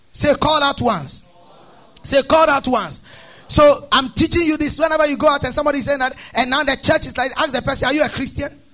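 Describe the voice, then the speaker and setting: A man preaching a sermon, chanting his lines in a sing-song cadence, calling the congregation to repeat after him, then dropping into a quieter teaching tone. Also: very high-pitched. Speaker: pastor.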